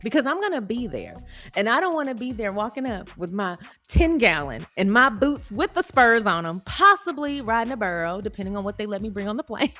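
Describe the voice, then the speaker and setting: A woman's voice: mid-range voice, sing-song, a little fast, sharp tone, soft background music. A woman reading a celebrity news article aloud and breaking off into playful, chatty tangents.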